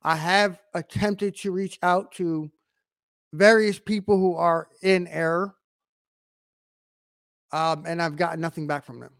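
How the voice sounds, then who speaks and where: A man preaching an online sermon to camera, emphatic, asking rhetorical questions and swinging from quiet to loud. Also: on the high side, fairly even intonation, unhurried, long pauses, dry recording, clean studio sound.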